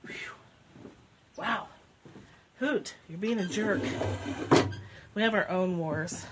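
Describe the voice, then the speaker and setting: A woman's voice: mid-range voice, animated, very slow, pauses often, slight background noise. A woman hosting a casual livestream from home, reading spiritual passages and chatting, laughing often as her cats interrupt. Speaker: live-stream host. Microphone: phone or webcam livestream.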